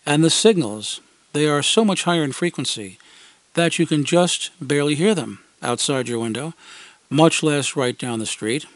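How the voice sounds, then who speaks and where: A man serving as a radio segment commentator reads a wry, scripted first-person story for an amateur radio program, acting out the quotes with dry humor. His fairly high voice is animated and moderately paced, recorded dry.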